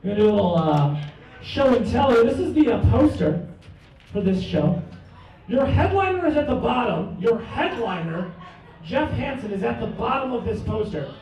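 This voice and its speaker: A man's voice: very high voice, very animated, normal speed, a little mellow. A man doing a stand-up comedy set in a bar, with cocky, mock-boastful bragging. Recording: echoey room from far off.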